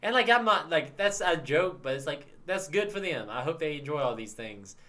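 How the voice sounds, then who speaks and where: A man's voice: a little high, lively intonation, normal speed, bright, forceful tone. A man in his thirties co-hosting a podcast, chatting casually and animatedly, swearing freely and laughing as he tells stories. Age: 30s. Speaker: podcast co-host. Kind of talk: casual chat.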